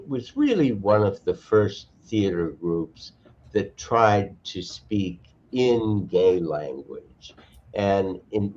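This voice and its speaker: An older man, a cultural historian, speaking on a video call in a halting, thoughtful way. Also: on the low side, mellow. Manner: halting, thoughtful, frequent restarts. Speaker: cultural historian and archivist guest. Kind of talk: casual online conversation. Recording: dull lo-fi video call audio.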